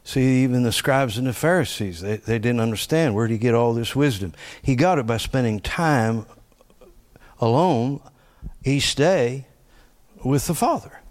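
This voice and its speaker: A man preaching a conversational sermon in a folksy, joking way, laughing often and swinging from quiet asides to loud punchlines. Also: medium pitch, unhurried.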